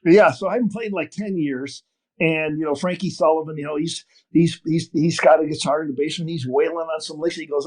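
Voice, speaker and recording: An older man from northern Wisconsin telling a long story in an interview, animated and full of restarts. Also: on the high side, a little fast. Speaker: podcast guest, fishing TV host. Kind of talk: storytelling interview over a call.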